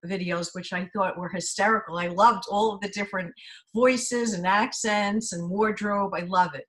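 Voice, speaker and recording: A woman's voice: mid-range voice, steady tone, moderate pace, a bit bright, poor audio. A woman correspondent conducting a casual interview. She asks her questions in an enthusiastic, complimentary way.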